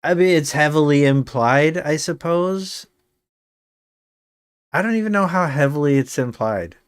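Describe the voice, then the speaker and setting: A man's voice: a little high, animated, a little slow, clear, resonant tone, dry recording. A male game streamer chatting casually on a live stream, rambling with many fillers and slipping in dry jokes.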